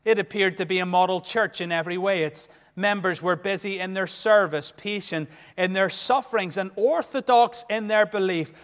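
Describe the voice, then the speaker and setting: A man preaching a sermon in a church, emphatic, swinging between loud declarations and hushed asides. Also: high voice, moderate pace, hardly any pauses. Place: church sanctuary. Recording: long reverb of a large church.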